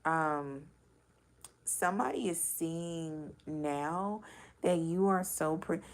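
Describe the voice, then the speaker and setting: A spiritual card reader gives a casual intuitive reading, speaking loosely and bluntly with swearing and plenty of filler words. Her voice is low and her pace is slow.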